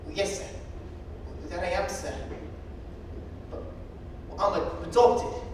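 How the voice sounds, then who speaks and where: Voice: medium pitch, slow pace, a little mellow, slight background noise, lightly acted. A performer on a theatre stage playing a poor young orphan boy, earnest and eager, speaking politely with little stammers. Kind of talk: stage recital acting. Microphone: distant room mic. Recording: echoey hall from far off.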